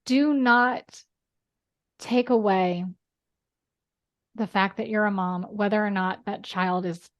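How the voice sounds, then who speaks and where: A woman guest on a podcast, talking earnestly in casual chat, with quick bursts and lots of "like". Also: mid-range voice, fairly even intonation, lo-fi sound.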